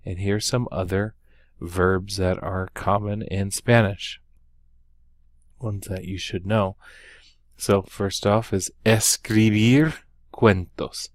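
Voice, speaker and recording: A man with a lowish, steady voice speaks at a slow pace while teaching Spanish in a recorded walkthrough. Unhurried and full of ums and uhs, he carefully sounds out each example word. The sound is dry and clean, from a studio.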